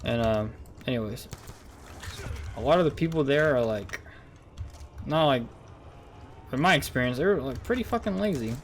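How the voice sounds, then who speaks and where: A man's voice: mid-range voice, animated, moderate pace, long pauses. A young man telling a casual, rambling story straight to his viewers, full of swearing and incredulous outbursts. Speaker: vlogger.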